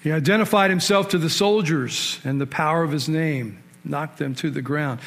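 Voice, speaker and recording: Higher-voiced male pastor preaching. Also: a little fast, hardly any pauses. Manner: storytelling, with sudden rises in pitch and loudness for emphasis; conversational, with asides and direct questions to the listeners. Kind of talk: sermon.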